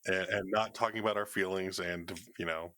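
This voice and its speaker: A man's voice: low voice, fairly even intonation, a little fast, pushed and bright, no room sound. A man playing a tabletop role-playing game, speaking hesitantly with frequent fillers. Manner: hesitant, many fillers and restarts in character. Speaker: player. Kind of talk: tabletop role-play, casual chat.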